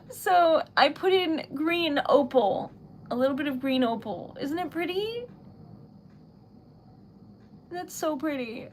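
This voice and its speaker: Young woman streamer, slow, giggly, rambling casual chat, light room hiss. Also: on the high side. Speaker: livestream host. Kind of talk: casual chat while crafting.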